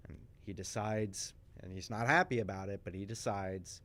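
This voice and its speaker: Man animatedly recapping a soap opera. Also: fairly low pitch. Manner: animated storytelling, many restarts and asides; acts out characters' lines in quick voices. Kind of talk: casual chat.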